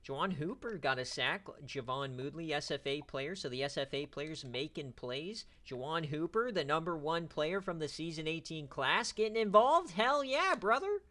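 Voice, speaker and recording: Excitable man calling sim games on stream. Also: on the high side, moderate pace, few pauses. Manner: excitable, trash-talking, casual slang. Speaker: online dynasty league streamer. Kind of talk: live-stream sports commentary.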